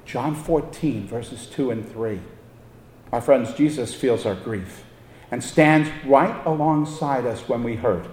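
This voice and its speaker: A man preaching a sermon as a pastor, slow and deliberate, with emphatic pauses. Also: on the high side, a little mellow, roomy sound, in a large hall.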